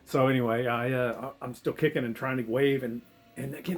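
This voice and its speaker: Man, vlogger, rapid casual storytelling, rambling and restarting, swears and chuckles, mid-pitched voice. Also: little pitch movement, soft background music. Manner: rambling, self-interrupting, swears and laughs often. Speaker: vlogger telling a diving story.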